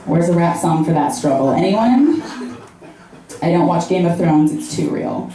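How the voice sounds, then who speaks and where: Young female stand-up, low mellow voice, wry and self-mocking, echoey club. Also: expressive, moderate pace. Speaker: stand-up comic. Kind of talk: stand-up set.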